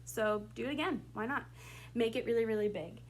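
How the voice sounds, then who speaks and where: A woman's voice: a little high, a little fast. Chatty woman directing a play. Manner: casual and chatty, with many fillers. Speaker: drama director. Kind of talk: giving blocking notes to student actors.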